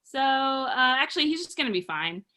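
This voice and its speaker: A woman's voice: high-pitched, sing-song, fairly quick, pushed and bright. A woman in her thirties from Arizona doing a rambling, self-deprecating stand-up comedy set. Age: 30s.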